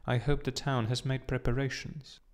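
A man's voice: medium pitch, flat delivery, moderate pace, lightly acted. A man doing a fussy little swallow. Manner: prim, talks to the point. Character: small fussy chatty male swallow. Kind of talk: audiobook reading.

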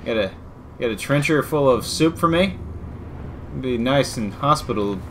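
A man's voice: medium pitch, lively intonation, moderate pace, slight background noise. Guy playing a game and cracking sarcastic jokes, casual commentary. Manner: joking, sarcastic asides. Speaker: video game let's-player.

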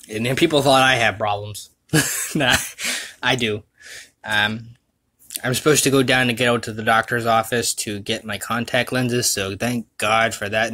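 A young man chatting loosely on a home livestream, rambling and poking fun at himself. His tone is bright and forward, sitting in an ordinary middle pitch. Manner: rambling, self-mocking, quick to laugh. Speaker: vlogger and voice dubber. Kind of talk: rambling casual livestream chat.

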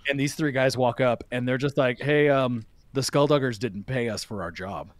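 Guy telling a wild story on a podcast, lively, laughs a lot, acts out the voices, dry close sound. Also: medium pitch, moderate pace, no room sound. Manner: animated, laughs while telling, acts out quoted lines. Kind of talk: casual storytelling chat.

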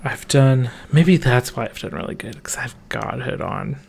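Chill guy game streamer, slow and gravelly, self-deprecating, faint noise behind. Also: mid-range voice. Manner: relaxed, self-deprecating, mumbling to himself. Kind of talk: casual live stream chat.

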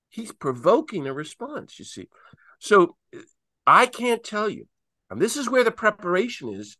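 A middle-aged man, a priest and peace activist, telling stories animatedly and acting out quotes with big swings in pitch, on a video call. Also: bright, forceful tone, no room sound, studio quality. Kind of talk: animated talk answering questions.

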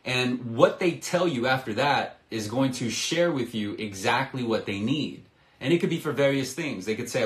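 A man coaching salespeople in a live stream, talking in an energetic, persuasive way and acting out bits of sales dialogue. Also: mid-range voice, measured pace, roomy sound.

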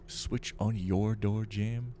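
A man's voice: fairly low pitch, steady tone, takes it slowly, dark tone, slight background noise. A man giving rambling, wry commentary as he plays a game, with mumbled asides to himself. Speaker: game streamer. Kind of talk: casual let's-play commentary. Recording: game music heard clearly behind. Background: game music.

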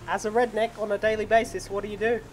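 A man's voice: high-pitched, little pitch movement, quick pace, a little hiss or hum. A man who makes gaming videos, chatting casually and joking around during role-play. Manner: joking, laughs often. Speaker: gaming YouTuber.

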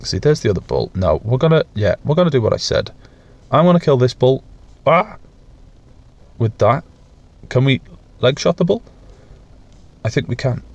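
A young man plays a survival game for YouTube, joking at his own expense, swearing now and then, adding playful sound effects, and cooing at pets. His medium-pitched voice swings widely, carries vocal fry, runs at normal speed, and pauses often.

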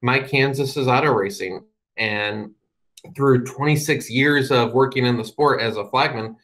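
A man's voice: medium pitch, measured pace, fairly bright tone, rough recording. Man telling wry stories to an audience. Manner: wry, humorous storytelling with dry asides. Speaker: guest speaker. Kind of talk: storytelling presentation to an audience.

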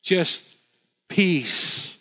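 In a church sanctuary, a male pastor preaches a sermon in an extremely slow, bright, forceful voice. He is earnest, repeats phrases for emphasis, and often restarts. The long reverb of the church hall fills the recording.

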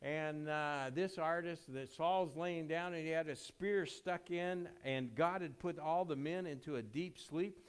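A man preaching in a loose, conversational way, stopping to correct himself and fill pauses. His voice sits a little higher than most men's. When he reads scripture aloud, he rises in pitch and volume. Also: clean tone. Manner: conversational preaching with many fillers and self-corrections. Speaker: pastor. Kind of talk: sermon.

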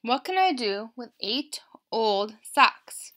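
A kindly neighbor lady chats about her knitting in a loud, friendly voice, as a woman reads her. She speaks at a fairly high pitch. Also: big pitch swings, slow pace, full character voice. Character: kindly adult woman neighbor who knits.

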